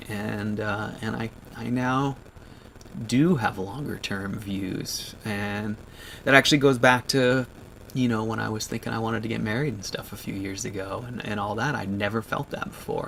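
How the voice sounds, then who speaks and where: A man in his thirties talking to viewers on a livestream, choked up and halting, with many restarts. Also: fairly low pitch, vocal fry, a bit bright, a little hiss or hum. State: choked up, near tears. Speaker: vlogger on a livestream. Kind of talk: emotional livestream chat.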